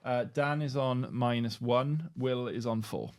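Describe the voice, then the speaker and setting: Brief: young man, quizmaster host, dry close-mic sound, brisk and joking. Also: medium pitch, darkish tone, no echo. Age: young adult. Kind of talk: casual podcast quiz. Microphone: podcast mic on video call.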